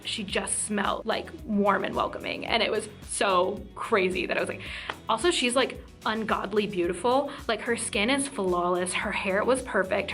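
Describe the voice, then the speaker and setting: A young woman vlogger excitedly retelling a story to camera in a fast, casual way, peppered with filler words. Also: medium pitch. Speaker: YouTube vlogger.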